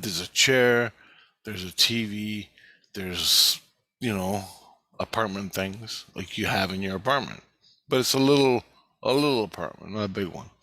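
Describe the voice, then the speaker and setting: In a recording without room sound, a man with a sharp, medium-pitched voice tells a casual story from his own experience, cursing liberally and acting out the dialogue.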